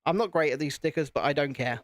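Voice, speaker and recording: A British man with a slightly high voice hosts a casual live stream, chatting to viewers at a quick pace while he builds and poking fun at himself. The recording is dry.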